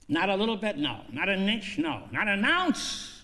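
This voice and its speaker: A man's voice: high voice, very animated, normal speed, bright, forceful tone, pitched above the performer's own voice, full character voice. A man acting out a greedy, cynical male war profiteer who talks bluntly and profanely.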